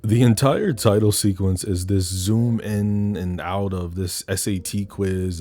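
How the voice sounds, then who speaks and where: A young man narrates a film recap with sassy, campy commentary and playful asides. His voice is lowish and mellow. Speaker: video essay host.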